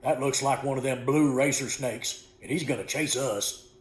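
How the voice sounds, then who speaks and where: A man's voice: medium pitch, fairly even intonation, normal speed, reverberant, natural voice. A man reading aloud, voicing a frightened young boy who whispers an urgent warning to his brothers.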